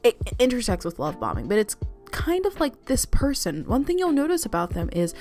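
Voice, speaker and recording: A woman's voice: fairly high pitch, wildly swooping pitch, brisk, a little mellow, faint music behind. A woman vlogger giving relationship advice in a chatty, rambling way, with lots of "like" fillers. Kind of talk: casual advice talk to camera.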